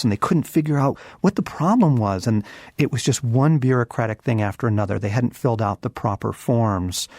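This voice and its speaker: Brief: middle-aged male teacher, low voice, earnest and reflective, close dry studio sound. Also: dry recording. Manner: earnest, reflective, slows and softens on key phrases. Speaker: Christian author and teacher. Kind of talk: devotional teaching talk.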